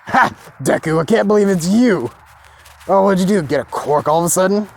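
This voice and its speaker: A man voicing a brash, hot-tempered teenage boy who is loud and mocking. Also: high-pitched, expressive, fairly quick, creaky, pitched above the performer's own voice, heavily acted.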